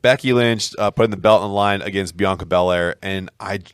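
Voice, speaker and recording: A man's voice: sits low, fairly quick, smooth, dry recording. A man co-hosting a podcast, casually recapping a wrestling match with fillers and laughs. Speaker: podcast co-host.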